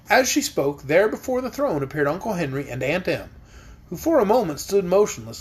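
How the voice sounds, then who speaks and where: Male storybook narrator, expressive, huskiness in the tone. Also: sits high, brisk, breathy edge. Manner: expressive, lively reading. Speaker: audiobook reader.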